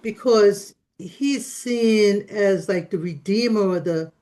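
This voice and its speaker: A woman talks slowly and earnestly in a religious study group. She lays out her reasoning one step at a time in a relaxed, conversational way. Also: medium pitch, poor audio. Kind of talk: casual religious study discussion.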